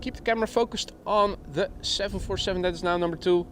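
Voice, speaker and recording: A man's voice: sits high, fairly even intonation, quick pace, fairly bright tone, slight background noise. A man hosting a live airport stream, calling out arriving planes and chatting with viewers. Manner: informative, chatty, chuckles while reading viewer messages. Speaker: livestream host commenting on plane arrivals. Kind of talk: live spotting commentary. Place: outdoors by an airport runway. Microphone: outdoor mic near the camera.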